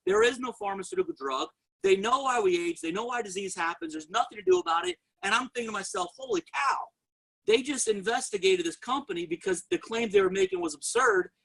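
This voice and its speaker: A network marketing presenter, a man with a very high-pitched, creaky and slightly rough voice, delivers an energetic motivational sales testimony straight to his audience at a fairly quick pace. The audio quality is poor.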